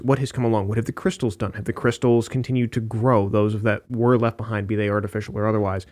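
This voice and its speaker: A man's voice: fairly low pitch, level tone, quick pace, a little mellow. A man, an artist, in a casual creative discussion, talking playfully and enthusiastically and joking around.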